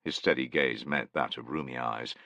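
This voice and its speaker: A man's voice: extremely low pitch, normal speed, pushed and bright, dry recording. A man narrating a dramatic war novel, voicing each character expressively. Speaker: audiobook narrator.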